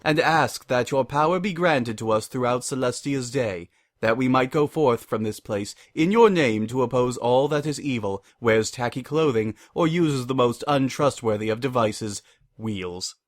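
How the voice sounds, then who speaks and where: A man voicing a pompous stallion high priest giving a grandiose address. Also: no echo, studio quality, natural voice.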